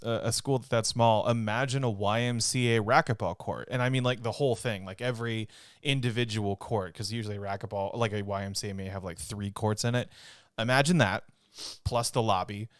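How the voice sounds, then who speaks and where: A man's voice: mid-range voice, brisk, smooth, dry recording, clean studio sound. A man co-hosting a gaming podcast, chatting casually and rambling while he laughs often. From North Texas. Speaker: podcast co-host.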